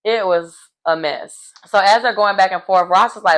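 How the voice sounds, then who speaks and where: A woman recapping a reality show episode in casual chat, animated and acting out what people said. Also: medium pitch, normal speed, hardly any pauses, rough recording. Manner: animated storyteller acting out quotes.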